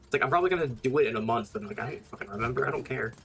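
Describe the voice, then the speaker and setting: A man's voice: medium pitch, animated, very fast, creaky, background noise. A young man casually commenting while streaming a game, blunt and rambling, swearing often.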